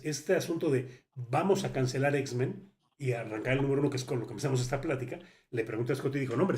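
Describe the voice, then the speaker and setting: Rapid-fire male host. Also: medium pitch. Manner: rapid, rambling retelling with fillers. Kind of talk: casual interview retelling.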